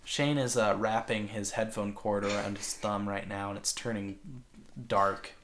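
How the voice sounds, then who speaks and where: A podcast co-host, male, speaks a little slowly in a fairly low, level, slightly bright voice, with a faint hiss or hum. His casual stories wander, filled with "like" and restarts.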